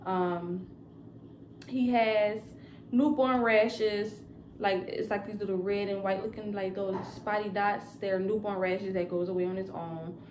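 A woman's voice: medium pitch, steady tone, unhurried, a little mellow, roomy sound, slight background noise. A young woman vlogging casually to camera about new motherhood, rambling with lots of fillers. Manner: chatty and rambling, with many fillers.

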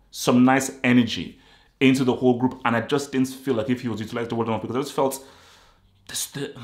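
A man giving a casual, rambling film review, repeating himself and stating blunt opinions. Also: mid-range voice. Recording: roomy echo.

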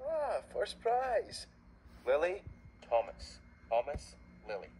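A man's voice: fairly high pitch, huge pitch swings, slow, darkish tone, slight background noise, heavily acted. A man voicing an easygoing young male conductor in a fan dub, casual, slangy and given to sighs. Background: music.

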